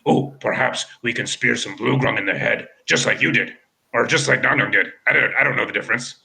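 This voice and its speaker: A man voicing a pompous male frog-folk chief in a tabletop game, halting and repeating his words. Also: mid-range voice, vocal fry, sharp tone, heavily acted, poor audio.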